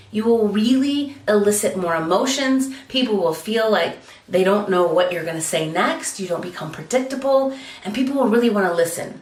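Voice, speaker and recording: A woman speaking coach teaching vocal technique, demonstrating by jumping between very high and low pitch. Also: expressive, moderate pace, echoey room, far from the mic, poor audio. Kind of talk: instructional talk with vocal demonstrations.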